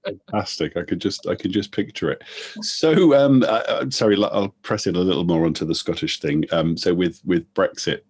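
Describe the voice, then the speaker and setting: Deep husky-voiced male interviewer. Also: normal speed, a little mellow. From England. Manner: thoughtful, rephrases questions. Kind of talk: casual conversation.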